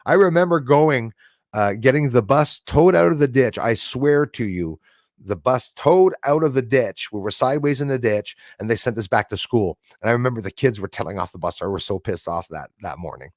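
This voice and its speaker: Reading viewer comments aloud on his live stream, this middle-aged man from Canada keeps things casual, rambling and chatty with frequent laughter. He speaks at a medium pitch, brisk and animated, captured in clean studio audio without echo.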